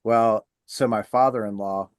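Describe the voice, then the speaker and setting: A man's voice: on the low side, fairly even intonation, measured pace, no room sound, studio quality. A middle-aged man hosting a podcast, telling a funny story in casual chat, swearing freely and acting out the voices of people he quotes. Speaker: podcast host.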